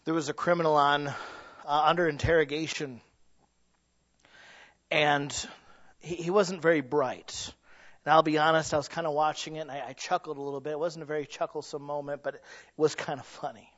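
A male pastor delivering a sermon, dropping to hushed low lines and building to loud peaks, acting out quoted voices as he tells stories. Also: fairly even intonation, a little fast, pauses often. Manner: acts out quoted voices in storytelling. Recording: dull lo-fi recording.

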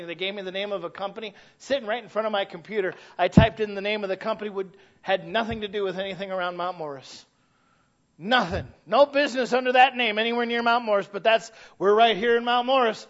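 A man with a high-pitched voice preaches a sermon with passion, and his stories sometimes build to shouts. The recording sounds dull and lo-fi. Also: normal speed. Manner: impassioned, rising to shouted emphasis; storytelling asides.

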